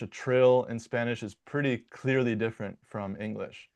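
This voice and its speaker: A man's voice: mid-range voice, steady tone, moderate pace, a little mellow. A man from Michigan working as a dialect coach, explaining his ideas in a conversational interview, with frequent restarts and repeated words.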